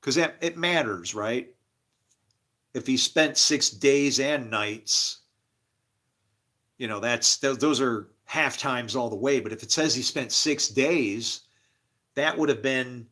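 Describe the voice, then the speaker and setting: A man at an ordinary middle pitch rambles through a religious monologue. His tone is bright and forceful. He drifts from quiet mumbles into sudden shouts and laughs to himself along the way. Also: takes it slowly.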